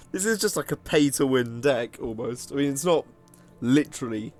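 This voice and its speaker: A man's voice: mid-range voice, animated, a little slow, pauses often, a little mellow, soft background music. A man giving casual, self-mocking commentary while playing a card game, often laughing at himself. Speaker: gaming video host.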